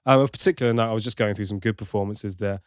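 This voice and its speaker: A man's voice: fairly low pitch, fairly even intonation, racing, dry recording, clean studio sound. A man giving an opinionated, casual film review as host, now and then mimicking for laughs. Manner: opinionated, playful mimicry of accents.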